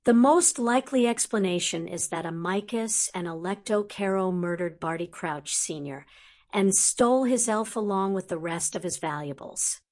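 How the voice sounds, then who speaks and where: A woman's voice: medium pitch, moderate pace, a little mellow, close to an everyday voice. A woman reading an audiobook, voicing a frank, wry grown male wizard in a conversational tone. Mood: reasoning.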